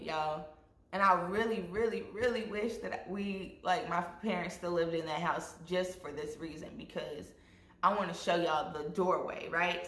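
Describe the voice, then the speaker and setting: A young woman vlogger telling a storytime with lively asides to her viewers, acting out what people said. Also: on the low side. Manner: animated, addresses viewers as y'all, acts out quotes. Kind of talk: storytime vlog. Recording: echoey room.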